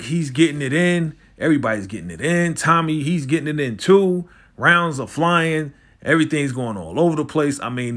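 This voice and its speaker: A man's voice: medium pitch, a bit bright. A man casually recapping a TV episode in slangy talk, acting out the characters' lines as he goes.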